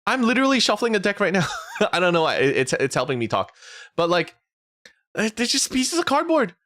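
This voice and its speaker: On a casual chat stream, a young male VTuber launches into a loose, heated rant, cursing freely and doing little voices for the people he quotes. His pitch jumps around a lot, and he talks briskly. The audio is dry and close, with no echo or room sound.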